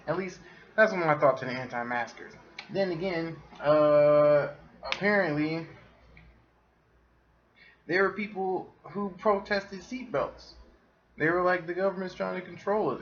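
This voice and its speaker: A man's voice: on the high side, dull audio, slight background noise. A man hosting a casual solo podcast, ranting with lots of swearing and frequent laughter. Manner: profane, animated, laughs often. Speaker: podcast host.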